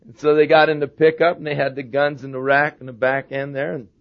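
Brief: male pastor, slightly high voice, anecdotal humorous sermon, dull lo-fi recording. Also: flat delivery, a little fast.

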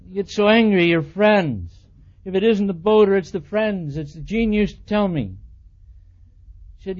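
A man preaching a sermon, telling animated stories about his marriage and acting out the dialogue. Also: sits high, normal speed. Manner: animated storytelling, acts out quoted dialogue, chuckles at himself. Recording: dull lo-fi recording.

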